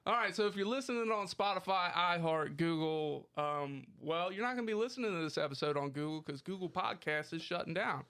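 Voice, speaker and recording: A man hosting a casual podcast, animated, profane and joking with his co-hosts. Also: high voice, brisk, hardly any pauses, smooth. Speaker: podcast host.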